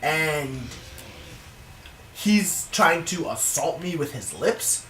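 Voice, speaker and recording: A young man telling a casual, profane story in an animated storytime vlog, recorded indoors. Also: fairly high pitch, very slow, slight background noise. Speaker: vlogger. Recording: roomy, distant from the mic.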